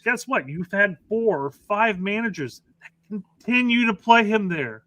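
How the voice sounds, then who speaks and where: Co-host: middle-aged man, high-ish bright voice, salty and animated, dry close sound. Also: a little slow, no echo. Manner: profane and animated, with joking quoted asides. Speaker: podcast co-host. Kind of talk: casual soccer chat.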